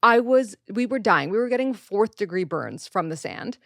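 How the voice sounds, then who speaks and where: A woman in her thirties, a podcast host, casually telling a story in an animated way and acting out the people she quotes. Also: medium pitch, normal speed, dry recording, clean studio sound. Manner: animated, quotes people in raised voices, swears.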